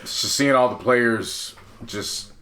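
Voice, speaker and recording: A man's voice: medium pitch, slow pace, pushed and bright. A man co-hosting a podcast, talking earnestly in long, winding stretches of casual chat. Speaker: podcast co-host.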